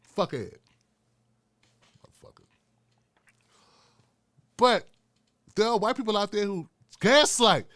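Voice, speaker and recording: A male host giving an animated, profane political commentary rant. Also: sits high, takes it slowly, pauses often, dry recording, studio quality.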